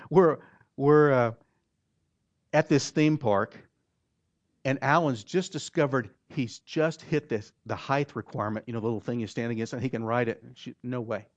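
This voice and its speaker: A man with an Oklahoma accent tells stories from the pulpit in a folksy, halting manner, doubling back on his words. His voice sits at an ordinary pitch. The recording is dull and lo-fi, with a dry sound and no room echo. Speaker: pastor. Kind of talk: storytelling sermon.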